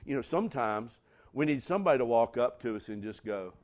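A man preaching a sermon in a folksy, animated way, with sudden loud bursts. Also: mid-range voice, fairly quick. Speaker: pastor.

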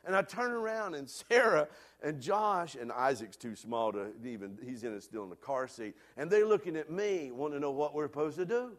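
A man preaching a sermon, telling a lively personal story before turning to a quieter, earnest point. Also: fairly high pitch, moderate pace. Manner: animated storyteller, loud hollering peaks. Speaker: pastor.

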